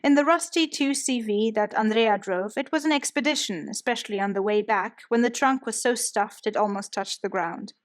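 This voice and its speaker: A woman narrating a biography audiobook in a steady storytelling manner. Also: fairly high pitch, normal speed, hardly any pauses. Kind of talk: scripted narration.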